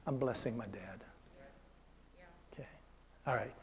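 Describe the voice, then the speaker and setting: An older man gives a conversational sermon at a Christian seminar, speaking earnestly and frequently checking in with his listeners. His husky, medium-pitched voice keeps a measured pace and drops to a hushed whisper when he tells stories.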